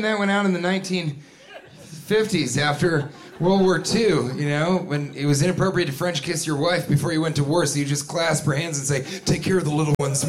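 A man doing a stand-up comedy set on a club stage, animated storytelling that bursts into shouted bits. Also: fairly high pitch. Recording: live club recording with crowd laughter and noise. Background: audience laughter.

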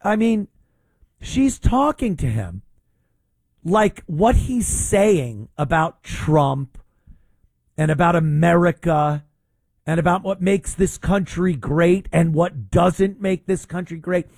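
Sarcastic, animated radio host man. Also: a little high, slow, no room sound. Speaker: radio talk show host. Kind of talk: mocking commentary on a clip.

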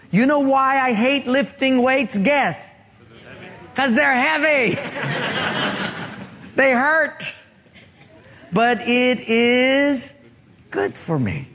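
High-voiced slow-preaching pastor, echoing hall. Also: male voice. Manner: storytelling, asks the congregation questions. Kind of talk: sermon. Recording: long hall reverb.

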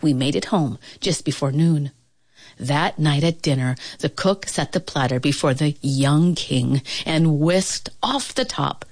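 A woman reading a picture book aloud in an expressive, playful way, with laughs and dramatic pauses. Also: low-pitched, no room sound. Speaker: storybook reader.

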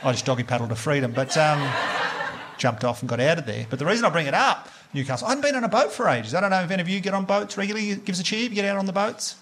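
A man's voice: high-pitched, very fast, fairly bright tone, slight background noise. An Australian man doing a live stand-up set, chatty and laughing as he teases the crowd. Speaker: stand-up comedian.

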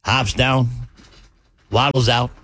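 Animated male radio host telling a joke. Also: mid-range voice, slow pace, slight background noise. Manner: animated storyteller, acts out the bartender gruffly. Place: radio studio. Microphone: studio mic.

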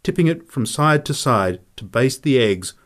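A man's voice: medium pitch, normal speed. A man reading a story aloud in scripted narration, voicing each character in turn. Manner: lively, expressive reading of dialogue. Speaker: audiobook reader.

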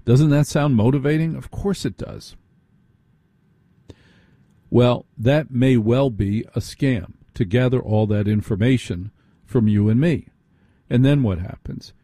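A man's voice: medium pitch, mellow, no room sound, studio quality. A man hosting a late-night radio talk show, speaking conversationally and putting rhetorical questions straight to his listeners. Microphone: studio microphone.

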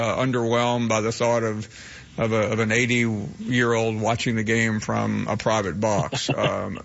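Measured male radio call-in host. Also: medium pitch, vocal fry, fairly bright tone, dull audio. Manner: measured, frequent "uh" pauses. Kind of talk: call-in show hosting.

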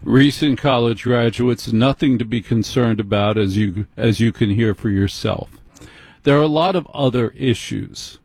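A man hosting a show, speaking in a measured, emphatic monologue and listing things one by one. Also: medium pitch, a little mellow, dry recording. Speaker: host. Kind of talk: slow deliberate monologue.

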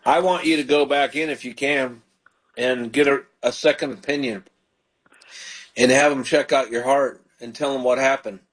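A man's voice: mid-range voice, fairly even intonation, slightly rough, poor audio. Fervent male pastor hosting call-in radio. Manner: fervent, slows down and softens into prayer. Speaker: radio ministry host and pastor. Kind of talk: call-in radio prayer and ministry talk.

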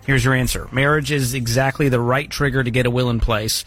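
A man's voice: mid-range voice, fairly even intonation, a little fast, few pauses, fairly bright tone, faint music behind. A man hosting a call-in radio show, upbeat and joking as he reads out listener questions and talks with callers. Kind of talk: casual call-in radio talk. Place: radio studio.

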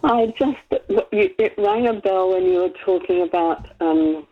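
A woman's voice: lowish voice, expressive, measured pace. An older English woman calling in to a radio show. She chats in a rambling, giggly way and hesitates often. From England. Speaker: radio caller. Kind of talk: phone-in chat. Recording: tinny phone line.

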